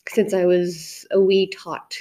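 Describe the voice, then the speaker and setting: A woman's voice: on the low side, flat delivery, takes it slowly, dark tone. A young woman co-hosts a casual podcast chat, rambling from one topic to the next. She is blunt and swears freely, with frequent restarts. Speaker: podcast co-host.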